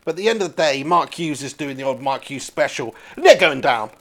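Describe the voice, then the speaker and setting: A man's voice: medium pitch, lively intonation, fairly quick. A young man co-hosting a football podcast, joking and reading out viewer comments. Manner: jokey, swearing, reads out comments. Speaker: podcast co-host. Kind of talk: casual chat.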